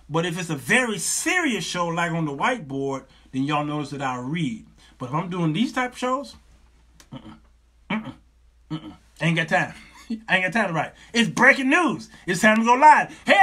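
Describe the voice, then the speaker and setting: A husky, bright-toned man. He hosts a live show off the cuff, swinging his pitch high and low as he plays out every voice in his stories himself. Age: 50s. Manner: animated, acts out both sides of stories in raised voices. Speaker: show host. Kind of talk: live call-in talk show.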